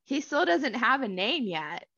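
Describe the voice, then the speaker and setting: A woman co-hosting a casual podcast who reads scripture passages slowly and deliberately, then slips into relaxed chat. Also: a little high. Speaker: podcast co-host and scripture reader. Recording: dry, slightly dull home mic.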